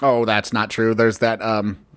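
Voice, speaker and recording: A man's voice: lowish voice, flat delivery, measured pace, fairly bright tone, clean tone. A young adult man co-hosting a podcast in casual chat, with crude, joking banter. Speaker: podcast co-host.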